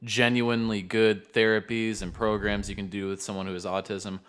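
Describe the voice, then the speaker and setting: A man's voice: fairly low pitch, flat delivery, moderate pace, a bit bright, clean tone. A man co-hosting a casual podcast chat, explaining points in a dry, matter-of-fact way. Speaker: podcast co-host.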